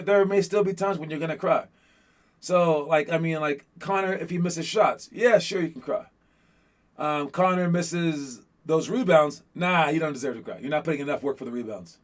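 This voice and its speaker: A man with a fairly high voice coaches a group of young basketball players. He talks casually and with energy, rambling and repeating himself as he thinks aloud, and keeps checking in with "all right?".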